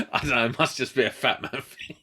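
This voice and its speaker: British male podcast host; animated storyteller who shouts out quoted lines. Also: medium pitch, moderate pace, a little hiss or hum. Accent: British English. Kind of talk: casual chat.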